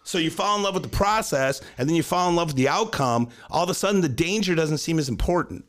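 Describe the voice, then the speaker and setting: A man's voice: on the high side, lively intonation, fast talker, a bit bright. Man coaching by answering his own questions. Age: adult with a young daughter. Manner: explains by asking and answering his own questions, adds "right?". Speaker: gymnastics coach, podcast co-host. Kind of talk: casual coaching talk.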